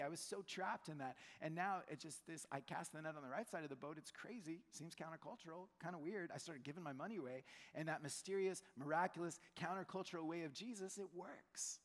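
Brief: male pastor, conversational sermon, acts out voices, big echoing church hall. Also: fairly high pitch. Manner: conversational, animated, acts out quotes. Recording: long church hall reverb.

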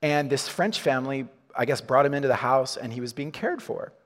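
A man's voice: medium pitch, expressive, brisk, long reverb tail. A man preaching a sermon in a church, chatty and informal, with frequent restarts and chuckles. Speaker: pastor. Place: church hall.

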